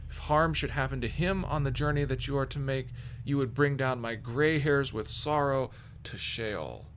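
A man's voice: mid-range voice, normal speed, fairly bright tone, slight background noise, voice pushed up, natural voice. A man voicing Jacob, a grieving old father, lamenting sorrowfully in a scripture reading.

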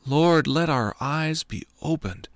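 Man raising his voice as pleading blind beggars, higher and louder, gravelly, dry sound. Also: takes it slowly, no echo. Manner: raised, pleading cries.

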